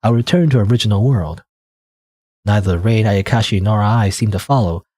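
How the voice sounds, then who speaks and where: A man's voice: on the low side, moderate pace, a little mellow, no room sound. A man casually reading a visual novel aloud and chatting about it, rambling with lots of "like" and "you know". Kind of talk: casual let's-play commentary and narration.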